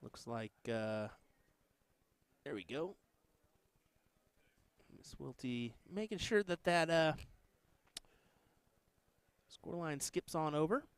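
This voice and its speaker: A man's voice: on the high side, slow, long pauses, clean tone. A man with an American accent hosting casual live-stream darts commentary, chatting with viewers between matches. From United States.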